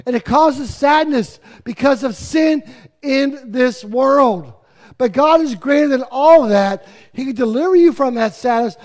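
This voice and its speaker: A man in his fifties preaching a sermon to his church, earnest and pleading, with joking asides to the congregation. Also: extremely high pitch. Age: 50s. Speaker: pastor. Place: church sanctuary.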